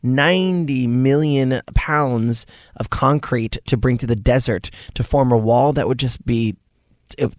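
An energetic man co-hosting a morning radio show, telling news stories in a relaxed, chatty way. His voice is mid-pitched and sits in a dry, close studio sound. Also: unhurried, dry recording. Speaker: radio host.

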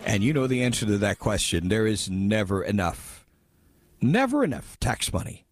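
A man's voice: on the low side, very animated, moderate pace, faint music behind. A man hosting a talk radio show, reading listener texts aloud with sardonic asides and chuckles. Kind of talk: casual talk radio commentary. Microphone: studio microphone.

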